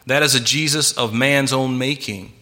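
A pastor delivers a sermon in an earnest, emphatic way, often restarting and repeating words for weight. His voice is bright and forceful, sitting at an ordinary middle pitch for a man. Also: moderate pace.

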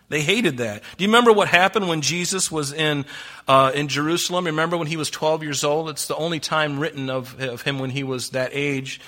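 A man preaching a conversational verse-by-verse sermon as a pastor, full of rhetorical questions and dropping into soft, low asides. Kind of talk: sermon, verse-by-verse Bible teaching.

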